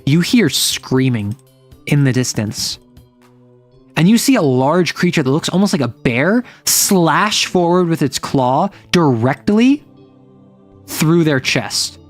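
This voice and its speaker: Rambling game master, casual recap, middle pitch. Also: expressive, takes it slowly, faint music behind. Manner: rambling, chatty, uses lots of "like".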